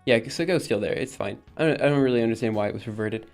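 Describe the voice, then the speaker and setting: Casual male streamer talking through plans, halting and self-correcting, soft music underneath. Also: medium pitch, creaky. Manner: thinking aloud, many ums and restarts. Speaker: streamer and project maintainer. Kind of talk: casual live-stream chat.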